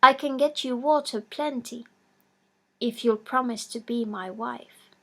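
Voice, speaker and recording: A woman's voice: fairly high pitch, unhurried, exaggerated voice. A woman doing a wee wheedling frog suitor. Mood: soft. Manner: soft, sing-song coaxing. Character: small singing male frog, wheedling suitor.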